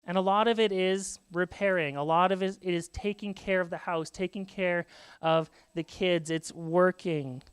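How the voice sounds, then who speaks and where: A man's voice: high voice, steady tone, moderate pace, clean tone, no room sound. A man in his thirties from Saskatchewan, a pastor telling family stories in a sermon and acting out children's voices. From Saskatchewan, Canada. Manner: storytelling, acts out children's voices. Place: church sanctuary.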